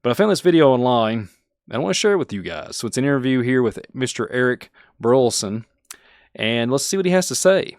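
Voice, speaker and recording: Brief: male podcast host, animated, folksy, dry close sound. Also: mid-range voice, a little fast, dry recording. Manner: animated, folksy, talks straight to the audience. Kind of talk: excited conspiracy podcast commentary.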